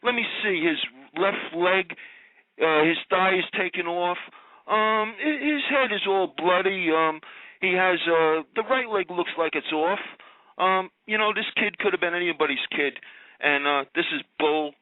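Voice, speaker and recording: A man's voice: high-pitched, measured pace, no room sound. A man calling in to a talk radio show from Long Island, speaking, sarcastic and heated, ranting in bursts. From Long Island, New York. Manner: sarcastic, heated, swearing-minced outbursts. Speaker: caller. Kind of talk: call-in radio rant. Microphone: phone call. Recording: tinny phone line, dry.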